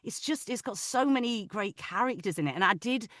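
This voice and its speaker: A woman audiobook narrator talks shop in a lively, chatty way, often restarting her sentences. Her tone is bright and forceful. The sound is dry and close, with no room echo. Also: mid-range voice, fairly quick. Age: adult, parent of older children. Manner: animated, talkative, many restarts. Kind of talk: casual interview chat.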